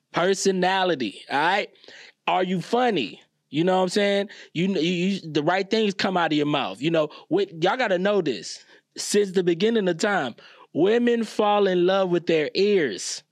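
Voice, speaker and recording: A man riffs crudely through a casual podcast monologue. He talks in a joking, animated way and leaps up in pitch to stress a point. The sound is close and dry, with no room around it. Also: measured pace, no echo. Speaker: podcast host.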